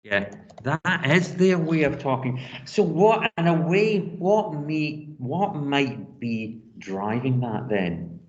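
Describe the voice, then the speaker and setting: A man with a lilt leading a classroom discussion, asking questions in an animated way with many restarts. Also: a little high, takes it slowly, slight background noise. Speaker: teacher. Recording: dull lo-fi sound.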